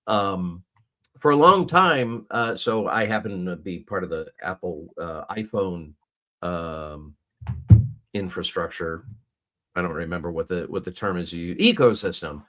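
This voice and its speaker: A man's voice: deep voice, measured pace, pushed and bright. A man co-hosting a casual chat, talking in a loose, rambling way with many restarts and fillers, over a video call. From United States. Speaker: podcast co-host.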